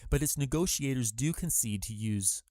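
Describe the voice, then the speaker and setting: A man's voice: medium pitch, expressive, moderate pace, warm tone, dry recording, studio quality. A man hosting a podcast, giving scripted history narration with wry asides and emphatic delivery. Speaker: podcast host.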